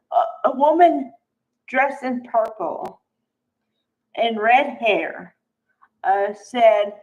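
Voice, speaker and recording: Chatty woman with a slow delivery. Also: fairly high pitch, dull audio. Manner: chatty, acts out quotes, many okays and asides. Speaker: soap opera recap commentator. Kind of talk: casual spoken recap.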